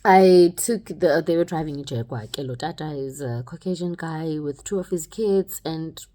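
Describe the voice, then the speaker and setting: A young woman telling a personal story in a casual, animated way, acting out the dialogue. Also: deep voice, moderate pace. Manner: animated, acts out the dialogue, many "like"s.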